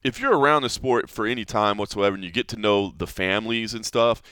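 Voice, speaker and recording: A man with a lowish, smooth, resonant voice talks loosely through a podcast conversation, circling back with fillers and restarts. The sound is close and dry, with no room around it. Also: fairly quick, a bit bright, no echo. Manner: rambling, many fillers and restarts. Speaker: podcast host. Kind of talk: casual chat. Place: Las Vegas, Nevada.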